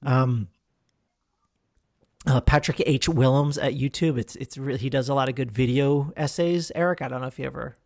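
A man's voice: mid-range voice, steady tone, normal speed, a little mellow, no echo, clean studio sound. A man hosting a podcast, reviewing films in casual chat, rambling and swearing with lots of fillers and restarts. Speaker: podcast host.

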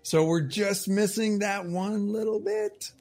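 A man's voice: sits high, fairly even intonation, slow, darkish tone. A man co-hosting a podcast, chatting casually in a playful, teasing way. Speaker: podcast co-host. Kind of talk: casual chat.

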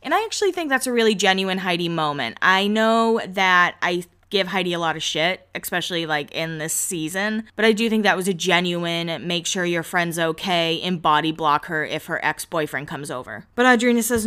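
Bright chatty woman recapping a show. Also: medium pitch, clean tone. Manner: chatty, quotes people in quick acted voices. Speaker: podcast host recapping a reality show. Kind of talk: casual recap chat.

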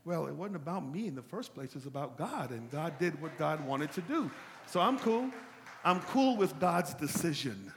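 A preacher acting out a grieving king who begs for his child and then calmly accepts the loss. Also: a little high, normal speed, big-room sound, slight background noise. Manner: pleading, informal, conversational.

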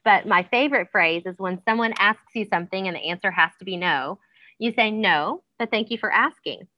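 A woman's voice: mid-range voice, fairly quick, no room sound, dull audio. A woman in her thirties talking casually about parenting, with frequent ums. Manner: warm, frequent ums, acts out kids' voices. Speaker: parenting podcast guest. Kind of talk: casual conversational chat.

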